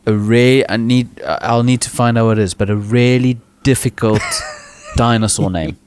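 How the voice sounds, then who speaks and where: A man's voice: medium pitch, moderate pace, darkish tone, slight background noise. A man co-hosting a podcast in casual banter, rambling and restarting his sentences as he jokes around. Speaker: podcast co-host.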